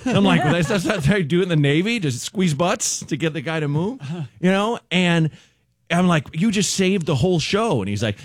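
Comedian guy telling a story on the radio, pitch jumps around a lot, dry mic. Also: fairly quick, dry recording. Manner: animated, laughing storyteller. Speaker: comedian guest.

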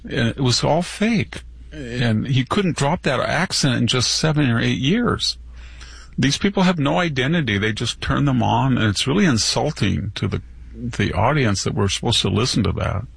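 Gravelly, husky-voiced guest commentator, indignant, dry close mic. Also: male voice, medium pitch, lively intonation, a bit bright, no echo. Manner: indignant, quick to scoff. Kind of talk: opinionated political chat.

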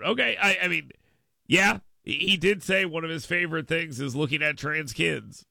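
A man hosting a political talk radio show in a studio, delivering an animated monologue and acting out mocking quotes in a raised voice. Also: fairly high pitch, normal speed, creaky, no echo.

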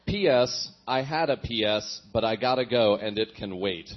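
A man's voice: fairly low pitch, lively intonation, normal speed, highs cut off, soft background music. Wry man reading an old diary. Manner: wry, self-mocking, chuckling asides. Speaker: comedian reading his old diary aloud. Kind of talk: comic reading with asides.

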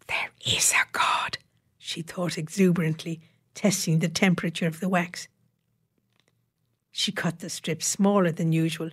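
A woman reads an audiobook with a lowish, steady voice. Her storytelling is measured and wry, leaning into the dry humour. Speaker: narrator. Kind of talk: audiobook narration.

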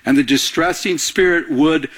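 A man, a pastor, preaching a sermon in a conversational, animated way that dramatizes scenes. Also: on the high side, normal speed, breathy edge.

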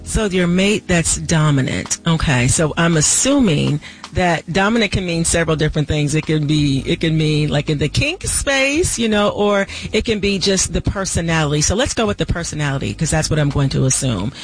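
A woman relationship expert answers callers on a radio show. Her advice comes in a measured, reassuring flow, with faint music playing underneath. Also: sits low, animated, low-quality recording.

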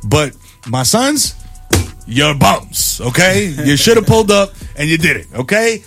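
A middle-aged man hosting a morning radio show, riffing in an animated, playfully preachy way. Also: fairly high pitch, measured pace, faint music behind.

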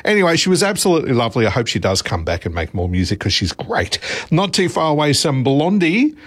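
Aussie radio guy, middle-aged, husky voice, bouncy up and down, dry studio sound. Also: fairly high pitch, big pitch swings, quick pace, no room sound. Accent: Australian. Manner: chatty, anecdotal storytelling. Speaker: radio host. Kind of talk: casual radio chat.

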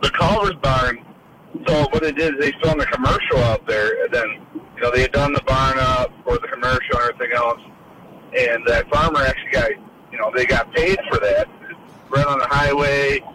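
A man's voice: medium pitch, a little fast. A man co-hosting a morning radio show, rambling through stories with lots of fillers. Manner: rambling, filler-heavy storytelling. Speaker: radio co-host. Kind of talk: casual morning radio banter. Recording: loud background noise.

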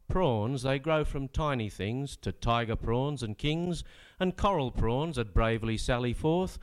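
With a fairly high, clean voice, an Australian man performs a humorous rhyming ballad on stage. He punctuates the lively verses with dry, sardonic spoken remarks.

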